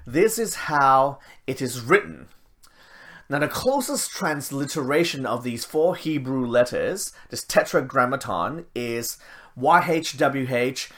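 Preacher, sermon, reads scripture and explains it, chatty, lively varied pitch. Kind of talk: sermon, Bible teaching.

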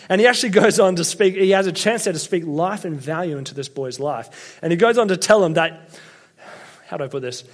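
Young male preacher, slightly high voice, casual and jokey sermon delivery. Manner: conversational, jokey, often checks in with "right?" and "okay?". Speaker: pastor.

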